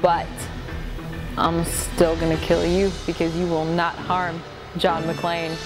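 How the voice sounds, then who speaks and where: A woman's voice: on the low side, completely flat delivery, takes it slowly, music in the background. A woman voicing an earnest, loyal male police sidekick.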